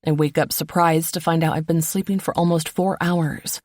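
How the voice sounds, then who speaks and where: Low voiced woman reading a romance audiobook, calm and even, dry close sound. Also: moderate pace, no echo. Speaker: audiobook narrator. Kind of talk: first-person romance audiobook narration.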